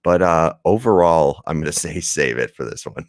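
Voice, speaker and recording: An animated man with an extremely low voice co-hosts a podcast at normal speed, rambling casually through a movie review while laughing and swearing. The clean studio recording has no room sound.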